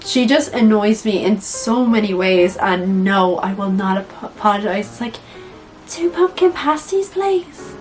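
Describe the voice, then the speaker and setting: A young woman chatting casually in her video, animated and blunt, swearing freely and saying "like" a lot. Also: mid-range voice, moderate pace, few pauses, faint music behind, rough recording. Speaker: YouTuber. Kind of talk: casual movie-ranking chat.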